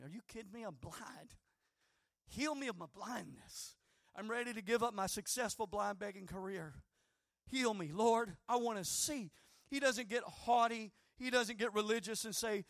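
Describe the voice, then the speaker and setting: Male preacher, high gravelly voice, fervent delivery from shout to hush. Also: moderate pace, dry recording, clean studio sound. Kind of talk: sermon.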